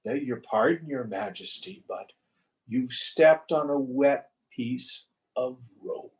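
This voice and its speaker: Man doing polite servant guy, quiet and deferential, slow. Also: medium pitch, close to an everyday voice. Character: polite male palace servant, calm and deferential.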